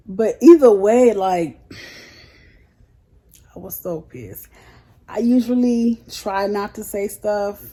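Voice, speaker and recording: A woman's voice: mid-range voice, warm tone, husky. A young adult woman telling a story to her viewers in a casual, frank way, full of slang. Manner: chatty, frank, heated retelling with slang. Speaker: vlogger.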